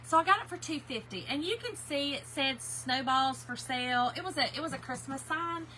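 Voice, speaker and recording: A woman's voice: sits high, expressive, brisk, bright, forceful tone, slight background noise. A woman hosting a casual craft livestream, chatting and greeting viewers by name.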